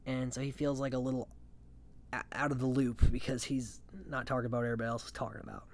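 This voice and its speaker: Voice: mid-range voice, level tone, fast. Rambling, opinionated podcast host. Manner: rambling, opinionated, heavy on "you know" fillers. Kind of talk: casual reality-show recap commentary.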